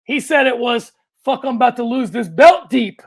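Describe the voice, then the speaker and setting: A man co-hosting a casual sports podcast, animated and rambling, with loud outbursts and frequent restarts. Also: extremely high pitch, normal speed, creaky. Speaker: podcast co-host.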